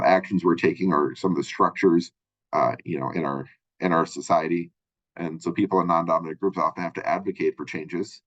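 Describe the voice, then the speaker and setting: A college communication instructor delivers a recorded lecture on a textbook chapter in a deep, low-set male voice with a slightly bright tone, talking quickly. He stays conversational, dropping in "right?" and "you know" as he goes. The audio is dull and lo-fi.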